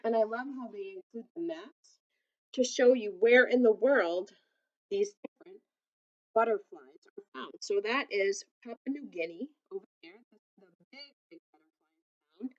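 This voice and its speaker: A woman reading a children's picture book aloud, gently adding asides that explain things to young listeners. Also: mid-range voice, normal speed, lo-fi sound.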